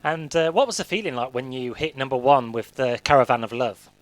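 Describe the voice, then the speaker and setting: A man's voice: medium pitch, animated, a little fast, no echo. Male radio host, hesitant, lots of fillers, dry close sound. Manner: hesitant, many fillers and restarts. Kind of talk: radio interview.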